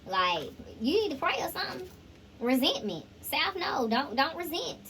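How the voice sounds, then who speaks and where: A woman's voice: sits high, very animated, normal speed, fairly bright tone, slight background noise, poor audio. Chatty woman giving a tarot reading. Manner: chatty, sings snippets, addresses viewers directly. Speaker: tarot reader.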